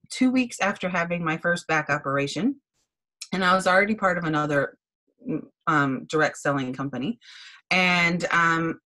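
Frank, chatty woman leading a sales training over a video call, lowish voice. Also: sharp tone, rough recording. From Wisconsin, USA. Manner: chatty, bubbly, blunt. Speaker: team director giving training. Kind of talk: online training talk.

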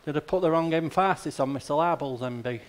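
A man preaching a sermon in a casual, direct way, firing off rhetorical questions and dry asides. His voice sits a little higher than most men's. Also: fast talker. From Australia. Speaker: pastor.

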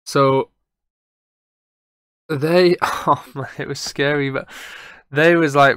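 Bright, rambling storyteller guy. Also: fairly high pitch, steady tone, takes it slowly, pauses often, smooth, dry recording, studio quality. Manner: rambling, self-correcting, chatty. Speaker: podcast host. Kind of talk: casual storytelling.

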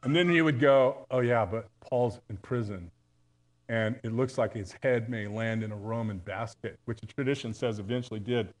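A man's voice: medium pitch, normal speed. A man preaching a live sermon in church, talking in a conversational, humorous way with sudden emphatic bursts. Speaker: pastor. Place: church sanctuary.

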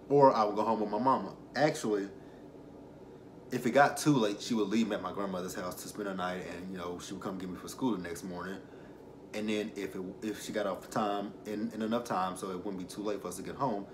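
A man's voice: on the low side, a little hiss or hum. A young man reviewing a reality show, rambling and self-correcting as he tells emotional personal stories. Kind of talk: casual commentary with personal stories.

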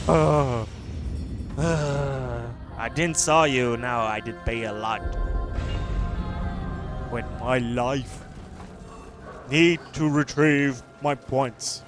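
A man giving let's play commentary, excitable and yelling his reactions at enemies over game music. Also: mid-range voice, extremely slow, pauses often. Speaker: gamer.

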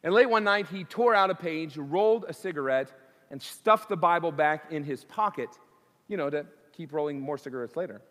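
A man's voice: fairly high pitch, lively intonation, moderate pace, a bit bright. A male pastor preaching an earnest sermon, building intensity through repeated phrases. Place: church sanctuary. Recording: long church reverb.

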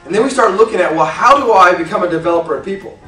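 Brief: animated male motivational speaker, thirties, high voice, heard from far off in a big hall. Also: rapid-fire. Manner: animated, acts out scenes, laughs often. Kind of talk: leadership seminar talk. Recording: echoey hall from far off, faint music.

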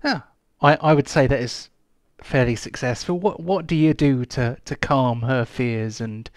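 A man narrating as game master of a tabletop game, hesitant with many pauses and ums. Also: medium pitch, no echo, studio quality.

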